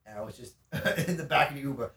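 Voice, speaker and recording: A man's voice: mid-range voice, fast. A man in his twenties telling a wild story in casual podcast chat, swearing freely and laughing as he goes. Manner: animated, profane, laughs through his story. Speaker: podcast guest. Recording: roomy sound from a distant mic.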